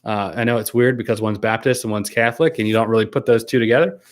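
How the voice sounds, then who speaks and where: A man with a slightly low voice hosts a casual live stream, reading viewer comments aloud one after another. He answers in an easygoing, unhurried way, pausing on ums and restarting his sentences. He laughs easily as he talks. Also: fairly even intonation. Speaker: YouTuber hosting a live stream.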